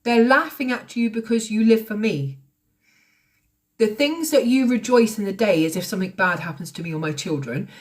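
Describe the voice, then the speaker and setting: A woman's voice: mid-range voice, moderate pace. A woman in her late thirties, ranting on a livestream in a confrontational, sweary, sarcastic way. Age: late 30s. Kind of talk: heated livestream rant. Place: at home, recording on TikTok Live.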